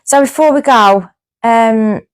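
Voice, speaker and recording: A woman's voice: a little high, takes it slowly, smooth. A woman with a Birmingham accent, co-hosting a podcast in rambling casual chat. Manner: chatty, rambling, lively storyteller. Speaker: podcast co-host.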